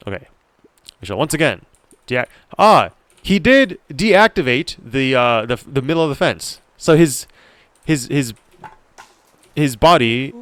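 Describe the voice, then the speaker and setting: A male streamer chatting through a game in a casual, self-deprecating way. His pitch swings around lively as he laughs and trails off mid-sentence. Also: a little slow, no room sound. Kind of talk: live game stream commentary.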